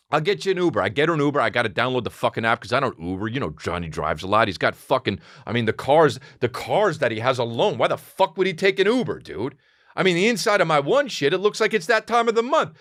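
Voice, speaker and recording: A man in his thirties, a podcast host, telling a comic story in an animated, profane, exaggerated way. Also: medium pitch, fast, no echo, clean studio sound. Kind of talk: comedic storytelling.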